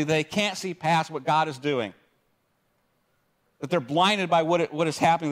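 Man preaching a conversational sermon. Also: medium pitch. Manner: conversational preaching with frequent restarts, reads scripture aloud. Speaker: pastor.

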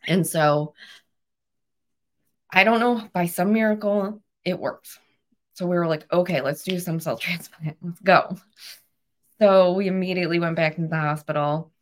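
A woman's voice: fairly low pitch, normal speed, long pauses. A woman in her thirties, a podcast guest, telling a personal story in an earnest, emotional way. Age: 30s. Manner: emotional, earnest, animated retelling.

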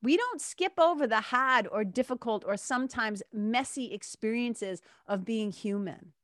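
A middle-aged woman with a slightly high voice talks as a spiritual mentor. She is candid and chatty, swears freely and laughs easily. The sound is close and dry, with no room echo. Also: animated, measured pace, a bit bright. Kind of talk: casual monologue.

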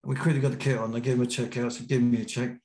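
A British man, a podcast guest, telling a lively anecdote and acting out the quotes. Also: mid-range voice, racing. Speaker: podcast guest, BASE jumper. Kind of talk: storytelling in an interview. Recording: roomy echo.

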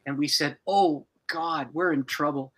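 A man's voice: a little high, fairly even intonation, measured pace, rough recording. A man acting out a tearful young churchgoing wife who pleads in prayer. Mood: pleading.

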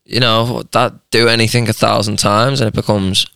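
Gravelly, bright-voiced Australian man. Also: lowish voice, level tone, moderate pace, no room sound, studio quality. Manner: joking, teasing banter. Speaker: podcast co-host. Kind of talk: casual chat.

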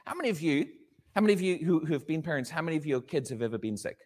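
A man preaching a sermon to a congregation, animated and questioning his listeners, often acting out little dialogues. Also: fairly high pitch, racing, in a large hall.

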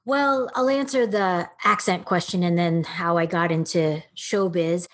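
A middle-aged actress from Texas chatting as a podcast guest, telling stories with lots of laughter and acted-out quotes. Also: female voice, fairly low pitch, unhurried. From Texas, United States. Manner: animated storyteller, laughs often, acts out quotes. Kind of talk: casual interview chat.

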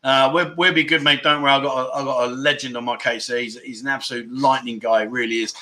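A man's voice: mid-range voice, little pitch movement, fast talker, bright, forceful tone, slight background noise. A man from England hosting a casual livestream, reading out viewer comments and laughing often between lines. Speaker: livestream host.

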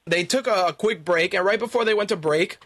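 A man with a high voice delivers ranting commentary as a radio host. His talk is profane and exasperated, and he fires off the same question again and again when he gets worked up. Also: brisk, a bit bright. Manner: repeats himself in angry bursts.

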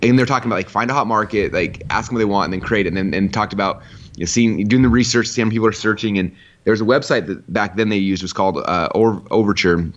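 A man in his thirties, a podcast guest who tells stories with excitement, acting out quotes in a high voice. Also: quick pace, highs cut off. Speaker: podcast guest, online entrepreneur. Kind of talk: casual storytelling interview.

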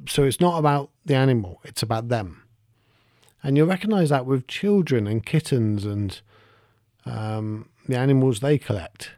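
A man talks through his thoughts alone on his podcast, reflective and unhurried in his reasoning. His voice is warm and mellow, and the recording is close and dry with no room sound. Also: mid-range voice, no echo. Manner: reflective, explains step by step, thinks aloud. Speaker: podcast host. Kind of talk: solo podcast monologue.

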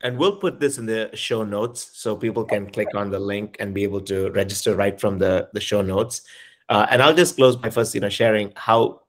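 A man's voice: lowish voice, normal speed. A man hosting an interview podcast, talking with enthusiasm and plenty of fillers. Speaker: podcast host. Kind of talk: casual interview chat.

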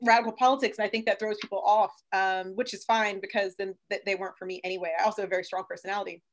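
A woman's voice: mid-range voice, steady tone, very fast. A young woman from the United States, a podcast guest chatting casually, laughing often and restarting her sentences with plenty of fillers. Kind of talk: casual interview chat.

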